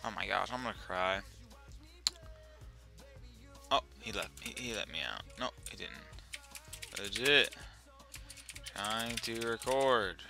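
A young man giving profane, excitable commentary while playing as a server admin, often repeating himself. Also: sits low, brisk, gravelly, over music. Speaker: Minecraft server admin streamer. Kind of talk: gameplay commentary while recording.

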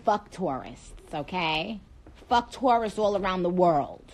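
Talking straight to viewers in a dim room, this Trinidadian livestream host keeps her phone chat casual and playful. She speaks lowish, animated and unhurried, a little mellow in tone, over a rough recording.

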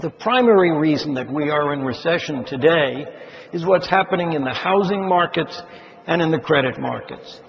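A man's voice: on the high side, animated, creaky. Older man lecturing in an echoing hall. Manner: measured, emphatic, stresses key words. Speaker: economist giving a talk. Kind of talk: lecture to an audience of investors. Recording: dull sound in a large reverberant hall.

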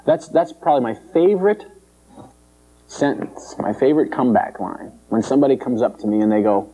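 Male preacher, casual humorous sermon, lively swooping pitch, dark mellow timbre, mocking asides. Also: fairly quick, low-quality recording. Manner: animated, jumps into high mocking voices for complainers; chuckles often between points.

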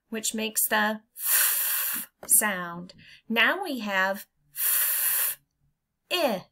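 A woman teaching young children to blend letter sounds, speaking in a slow, encouraging way and drawing the sounds out for them to repeat. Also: medium pitch, pushed and bright. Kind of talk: phonics lesson for young children.

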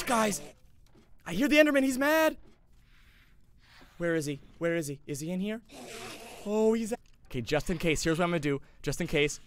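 A man's voice: fairly high pitch, slight background noise. A young man live-streaming a survival game, chatting with his viewers and yelping when things go wrong. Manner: excitable, yelps and laughs at danger, chats to viewers. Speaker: gaming streamer. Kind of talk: live-stream gameplay commentary.

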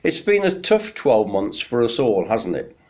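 A man, a church minister, giving a midweek sermon message in an unhurried storytelling manner with gentle pauses. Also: medium pitch, very animated.

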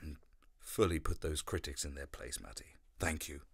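A man voicing a stiff, formal male TV interviewer with a deadpan, sarcastic delivery. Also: extremely low pitch, moderate pace, husky, dry recording, clean studio sound, exaggerated voice.

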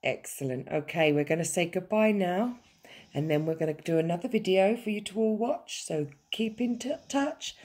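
Teacher read-aloud: woman, lowish husky voice, slow and animated. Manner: slow, expressive storytelling. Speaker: teacher reading a story. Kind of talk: children's story read-aloud.

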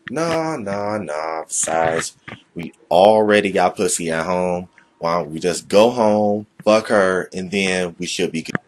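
A man voicing his own sensible inner conscience as a nervous male voice that pleads for calm. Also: sits low, a little slow, a little hiss or hum. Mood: coaxing. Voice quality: pleading, soothing.

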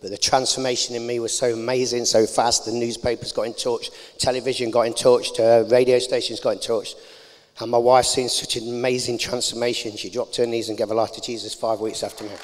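A man shares his personal testimony in an interview, plain, earnest, and blunt in a working-class storytelling style. His mid-range voice is flat and a little fast, and the large church hall adds a long reverb.

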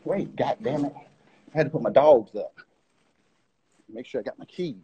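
A man's voice: medium pitch, expressive, moderate pace, mellow, highs cut off, a little hiss or hum. A man ranting on a live stream from home into his phone, agitated, repetitive and profane.

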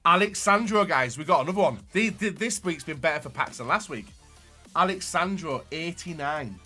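A young man doing excitable pack-opening commentary, often yelping and shouting while talking straight to his viewers. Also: a little high, normal speed, soft background music. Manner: excitable, yelps and shouts at the screen; talks to viewers as "guys". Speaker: YouTuber.

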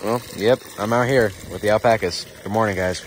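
A man's voice: on the low side, steady tone, a little fast, rough recording. Young male farm vlogger, slightly stuffy, easygoing and rambling; handheld outdoors with wind and water behind. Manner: rambling, laid-back, many fillers. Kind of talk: casual vlog chat. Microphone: handheld camera. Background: running water and wind.

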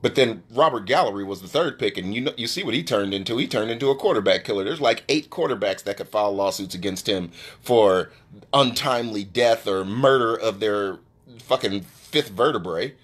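A man hosting a live stream, ranting brashly and profanely in casual trash talk, with his voice often jumping high when he gets worked up. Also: brisk. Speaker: live-stream sports show host. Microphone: phone.

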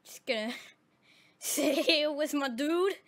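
A woman giving casual, excitable commentary over her gameplay, often exclaiming and laughing. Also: high-pitched, slow. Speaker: gaming channel host.

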